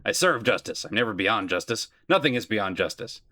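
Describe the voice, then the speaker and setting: A man's voice: lowish voice, sing-song, a little fast, pushed and bright, dry recording, heavily acted. A man voicing a stern, zealous armored mercy killer who speaks in solemn, absolute declarations. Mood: unbending.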